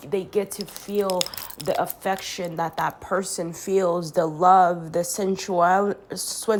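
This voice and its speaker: Low-voiced woman in an earnest, rambling monologue. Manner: earnest, rambling, with many restarts and fillers. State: congested from sinus trouble.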